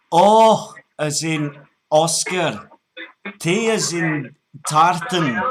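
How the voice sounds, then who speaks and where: A man voicing a stubborn, dim Scottish caller with a thick Scottish accent, drawing his words out loudly and repeating himself. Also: on the high side, a little hiss or hum. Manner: drawn-out, repetitive and loud. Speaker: prank caller.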